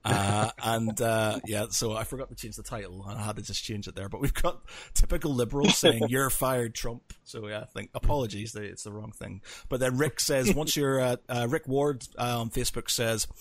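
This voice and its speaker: A man's voice: medium pitch, brisk, hardly any pauses, no echo. A man hosting a podcast, chatting casually and telling stories with frequent laughter. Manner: laughing, animated storytelling. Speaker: podcast host. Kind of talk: casual chat.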